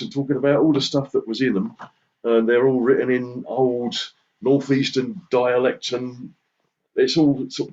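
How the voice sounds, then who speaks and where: At a folk song circle, a man from southern England with a fairly low voice gives a chatty, rambling introduction full of self-deprecating anecdotes and soft chuckles, then sings a slow lullaby. The lo-fi recording sounds slightly dull.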